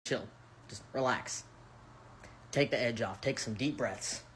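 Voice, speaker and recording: A social media creator doing a sarcastic, mocking monologue in a short video, with big swings between high and low. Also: unhurried, noisy background.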